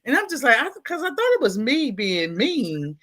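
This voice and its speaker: Baltimore woman, animated storyteller with a bright voice, who mimics people as she talks. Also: fairly high pitch, normal speed. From Baltimore, USA. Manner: animated, laughing, acts out quotes in exaggerated voices. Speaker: guest, school staff. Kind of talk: casual storytelling interview.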